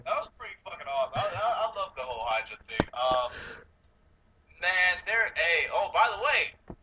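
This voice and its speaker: Excitable dude with a really sharp tense voice, swears a lot, chatting movies, faint hiss behind. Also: male voice, on the high side, moderate pace, low-quality recording. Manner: excitable, swears freely, laughs often. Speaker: podcast co-host. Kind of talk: casual movie chat.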